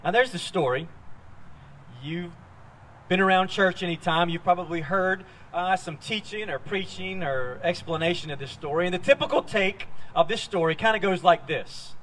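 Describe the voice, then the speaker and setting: A man preaching a sermon as a pastor, telling a Bible story with lively, acted-out quoted lines. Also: high voice, normal speed, slight background noise. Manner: animated storytelling, acting out quoted voices. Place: church sanctuary.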